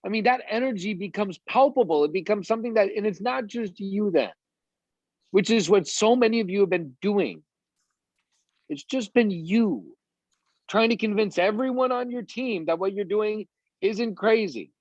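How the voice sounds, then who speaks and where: A man's voice: sits high, normal speed, a little mellow, no echo, highs cut off. A man coaching a sales team on a video call, talking eagerly and rambling with lots of fillers.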